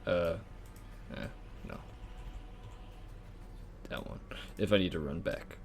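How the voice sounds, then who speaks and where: A man's voice: sits low, slow, gravelly, slight background noise. A man playing a tabletop game, easygoing and thinking aloud about his moves. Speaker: player. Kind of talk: casual tabletop play.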